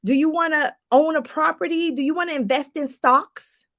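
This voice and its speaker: A woman life coach giving a lively motivational talk to viewers, calling them y'all. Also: sits high, moderate pace. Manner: animated, preachy, addresses viewers as y'all.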